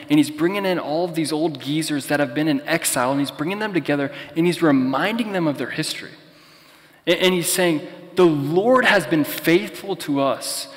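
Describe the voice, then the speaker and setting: A man's voice: a little high, a bit bright, big-room sound. A young man preaching a sermon as pastor in a conversational, storytelling way. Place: church.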